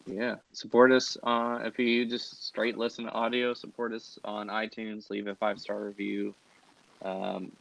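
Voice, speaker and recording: A laid-back man co-hosting a comedy podcast, easygoing and swearing freely. His low voice has a gravelly fry, heard through a dull, lo-fi mic. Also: monotone, a little slow, a little hiss or hum. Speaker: podcast co-host. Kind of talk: casual chat.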